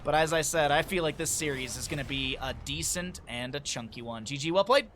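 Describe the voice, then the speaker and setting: Bright-voiced tired caster from the Midwest. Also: male voice, on the high side, fairly quick, few pauses. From American Midwest. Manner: chatty, talks to chat between plays. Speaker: esports caster. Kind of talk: live game commentary.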